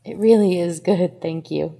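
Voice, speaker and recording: A woman's voice: lowish voice, unhurried, vocal fry, warm tone, in a large hall. A woman voicing a cheerful young heroine who speaks sweetly and teasingly.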